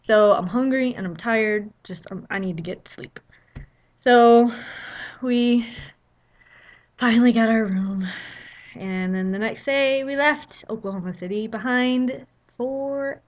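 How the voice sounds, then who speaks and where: A woman's voice: fairly high pitch, a little slow, long pauses, highs cut off. A young woman telling a travel story in a casual vlog, chatty and full of "you know" fillers. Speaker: vlogger.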